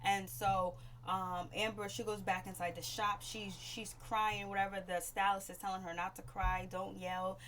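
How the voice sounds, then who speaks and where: A woman at a middling pitch recaps a reality show episode in a loose, chatty way. She rambles through fillers and slips into raised voices to act out the lines people said. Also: level tone, moderate pace, few pauses, fairly bright tone, a little hiss or hum. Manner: chatty and rambling, with many "you know, um" fillers. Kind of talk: casual spoken show recap.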